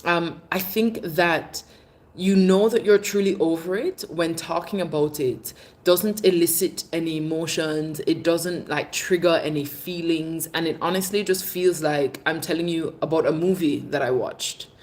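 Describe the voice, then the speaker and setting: A Jamaican woman with a low, darkish voice hosts a casual livestream, reading viewer comments and chatting candidly, calling people babe. She speaks unhurriedly with fairly even intonation.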